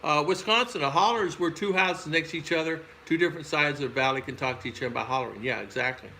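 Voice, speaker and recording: A man's voice: a little high, fast, pushed and bright, a little hiss or hum, rough recording. Chuckling older Southern American man. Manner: rambling, chuckles often. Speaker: host. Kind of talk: casual livestream chat reading viewer comments. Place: home in the Philippines.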